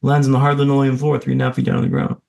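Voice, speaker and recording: Gravelly-voiced man telling a gripping story. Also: mid-range voice, completely flat delivery, racing, a little mellow, echoey room. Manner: vivid, punchy, self-deprecating humour. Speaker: podcast guest and speaker. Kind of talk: dramatic personal storytelling.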